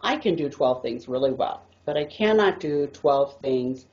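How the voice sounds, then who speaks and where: A woman's voice: rumbling low, animated, measured pace, a little mellow. A woman guest talking about tarot, earnest and a little rambling as she tells her stories. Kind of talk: casual chat about tarot. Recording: dull lo-fi audio.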